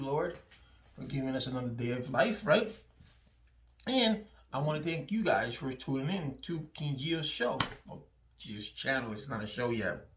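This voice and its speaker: A man hosting his own channel, chatting casually through a product review, often checking in with "right?" and restarting his phrases. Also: medium pitch. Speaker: channel host. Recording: echoey room.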